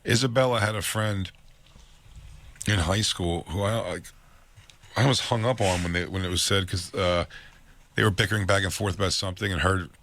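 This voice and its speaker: Man, co-host, casual comedy chat, lower voice, bright tone, animated storytelling. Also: normal speed, long pauses. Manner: laughs while telling stories.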